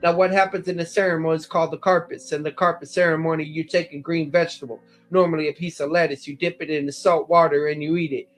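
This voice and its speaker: Speaking quickly with few pauses and little pitch movement, a Bible teacher with a slightly high voice delivers an explanatory scripture lecture. He cites verses and paragraphs and sometimes restarts words, with faint music behind him.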